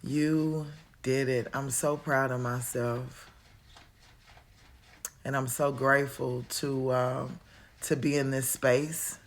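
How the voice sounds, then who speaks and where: A woman in her forties sits at home and talks through a reflective vlog. Her voice is low for a woman but bright and forceful, and she takes her time. She keeps things chatty, calling the listener honey and child. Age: 40s. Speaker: vlogger. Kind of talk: reflective casual monologue. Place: at home, indoors.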